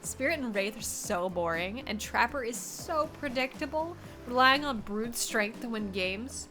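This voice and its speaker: A woman's voice: on the high side, animated, unhurried, sharp tone, soft background music. A woman doing a bubbly, sinister huntress. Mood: chipper. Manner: bubbly with a menacing edge. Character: cheerful, sinister huntress, a big kid.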